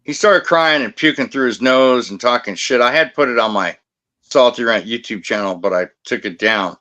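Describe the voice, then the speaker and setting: A man's voice: mid-range voice, normal speed, sharp tone, muffled recording. A man in his fifties who works as a security guard, telling a story in blunt, profane, combative casual talk. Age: 50s.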